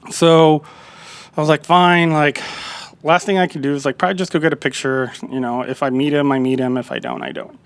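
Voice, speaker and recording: A man's voice: fairly high pitch, steady tone, brisk. A man who is an executive chef, telling a long story in a casual interview, rambling and laid-back, with plenty of fillers and quoted dialogue. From Calexico and Mexicali area. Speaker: executive chef, podcast guest.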